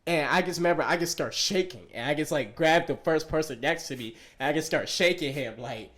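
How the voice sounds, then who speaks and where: A man's voice: on the high side, a little fast, a bit bright, a little hiss or hum. A young man in his twenties, co-hosting a podcast, telling a story in casual, profane slang and laughing often. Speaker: podcast co-host.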